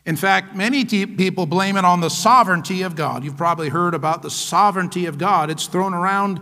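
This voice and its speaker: Emphatic male pastor preaching, high bright voice, echoing church hall. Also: fairly quick. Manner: emphatic, repeats "come on now" and "hello?". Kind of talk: sermon.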